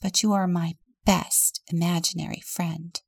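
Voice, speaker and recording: A woman voicing a bossy, imaginative little girl from a storybook, lively and commanding. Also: on the low side, unhurried, husky, no room sound.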